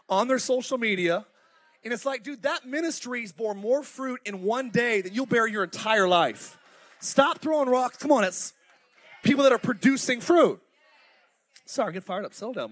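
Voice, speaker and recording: In a church auditorium, a middle-aged male pastor with a high-pitched voice preaches a fiery, animated sermon through a stage microphone. He spurs the congregation with call-outs and swings between loud bursts and quiet, intimate asides.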